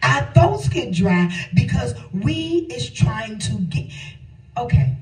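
A man's voice: very high voice, big pitch swings, slow pace, a little mellow, distant mic, soft background music. A man preaching a sermon, repeating his lines for emphasis and calling out to the congregation. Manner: call-and-response preaching, repeats phrases for emphasis. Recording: echoey room, voice from off-mic.

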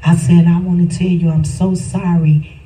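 A middle-aged woman delivers a personal testimony as a sermon, speaking slowly and emphatically until she builds to shouting. Her voice is soft, dark, fairly low in pitch, and flat in delivery. The recording comes from a distance in a spacious church with faint background noise.

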